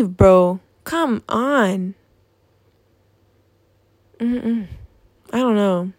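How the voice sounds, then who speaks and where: A woman's voice: mid-range voice, normal speed, darkish tone, dry recording. A young woman in a casual vlog, ranting in an exasperated, profane way about things that annoy her. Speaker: vlogger.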